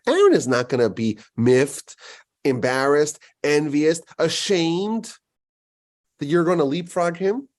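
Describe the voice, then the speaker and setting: A man giving a Torah lecture as a rabbi, animated and acting out quoted voices. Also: takes it slowly. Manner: animated, acts out quoted voices with big pitch jumps.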